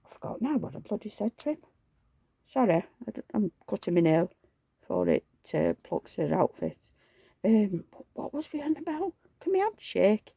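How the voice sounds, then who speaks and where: An older woman tells a rambling, animated story and often forgets where she was going. Her voice rises and falls widely as she talks. The sound is dry and close, with no room echo. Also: mid-range voice, normal speed, gravelly, breathy edge. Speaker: doll collector vlogger. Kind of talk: casual chatty storytelling.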